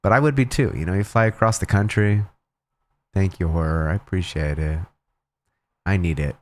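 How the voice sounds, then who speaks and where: A man with a very low, deep voice chats casually on his livestream. He tells a long, rambling story to his viewers, full of restarts and fillers. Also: normal speed, slight background noise. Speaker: cosplayer streamer.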